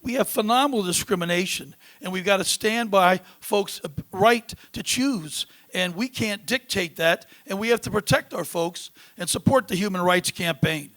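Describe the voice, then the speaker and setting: A man's voice: high-pitched, fairly bright tone. A man answering as a congressional candidate in a debate forum, earnest and emphatic with frequent fillers.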